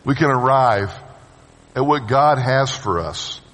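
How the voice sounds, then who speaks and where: A man's voice: lively intonation, takes it slowly. Preaching man in a reverberant church. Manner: dramatic swings between loud urging and hushed low phrases; calls on the congregation to respond. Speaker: pastor. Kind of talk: sermon. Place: church sanctuary with long reverb. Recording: reverberant church hall sound.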